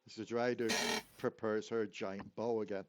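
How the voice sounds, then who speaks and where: A man's voice: lowish voice, level tone, moderate pace, dull audio, noisy background. A man, narrating as game master in an easygoing, descriptive way.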